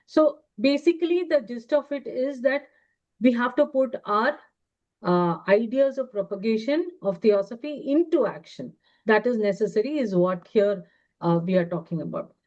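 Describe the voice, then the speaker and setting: A woman's voice: on the high side, expressive, a little mellow. Woman teaching a study class, lo-fi. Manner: measured, reads quotations aloud, then explains them with frequent pauses and fillers. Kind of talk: reading and explaining texts in a study class. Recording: dull lo-fi recording.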